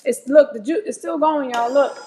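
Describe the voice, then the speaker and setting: At normal speed and in a high, darkish voice, a woman in her forties chats frankly with her livestream viewers as she prepares fruit, often calling them "y'all." A faint hiss or hum runs underneath.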